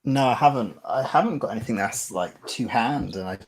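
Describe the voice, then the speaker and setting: A man's voice: mid-range voice, expressive, fairly quick, slightly rough. A man chatting as a guest on a casual livestream, jokey and self-deprecating.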